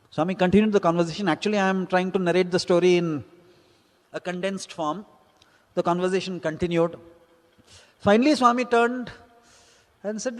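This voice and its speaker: A man's voice: sits high, normal speed, long pauses. A man, a teacher, telling a personal story from his student days and acting out the exchanges he quotes. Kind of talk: spoken personal anecdote. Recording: hall reverb.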